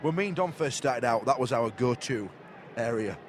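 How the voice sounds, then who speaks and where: A man with a Northern English accent co-hosting a football podcast from the stands, playful and quick to laugh. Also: medium pitch, animated, a little hiss or hum. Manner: laughs often, playful, shouts at goals. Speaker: podcast co-host. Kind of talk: live football watch-along chat. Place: football stadium stands, outdoors.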